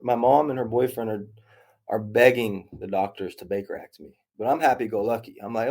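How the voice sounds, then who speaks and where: A man tells his story candidly, doubling back on himself and acting out the voices of the people in it. His voice sits on the low side, with a mellow, relaxed tone. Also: fairly quick. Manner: rambling, self-interrupting retelling with quoted dialogue. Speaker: interview guest.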